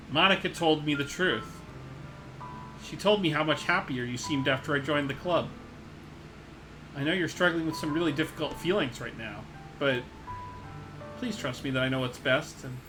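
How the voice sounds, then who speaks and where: A man voicing an earnest young male protagonist with a steady, even reading, in a fan playthrough of a visual novel. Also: a little high, moderate pace, pauses often, music in the background, natural voice, poor audio. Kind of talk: voice-acted game reading.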